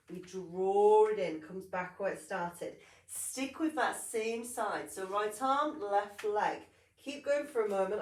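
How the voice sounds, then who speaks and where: Brief: woman, Pilates instructor, steady calm cueing, a bit sniffly, voice distant in a roomy space. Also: mid-range voice. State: sniffly with hay fever. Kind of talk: guided exercise class instruction. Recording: roomy sound, mic at a distance.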